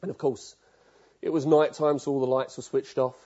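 A man's voice: mid-range voice, steady tone, normal speed, dark tone, lo-fi sound. A man preaching a sermon, telling stories vividly and putting questions straight to his listeners.

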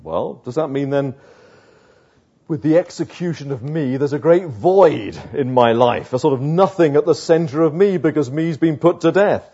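A man preaching a sermon, slow and emphatic, with dramatic pauses between phrases. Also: fairly high pitch, warm tone, husky, lo-fi sound.

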